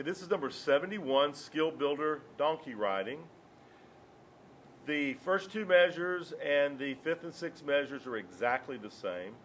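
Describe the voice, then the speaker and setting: A man with a slightly high voice leads a beginner clarinet lesson. He counts beats and explains each step in a patient, steady way. A faint hum of room ambience sits behind him. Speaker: clarinet teacher. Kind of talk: instructional music lesson.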